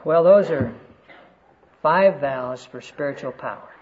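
A man's voice: fairly high pitch, takes it slowly, a little mellow, a little hiss or hum. A man preaching a sermon to a conference audience, telling stories earnestly and quoting scripture. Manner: earnest storytelling, quotes scripture. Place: conference room. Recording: dull lo-fi sermon recording.

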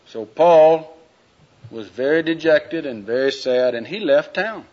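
A man preaching a sermon, telling a folksy story in a drawn-out, homespun way. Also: fairly high pitch, animated, a little mellow. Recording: dull lo-fi recording.

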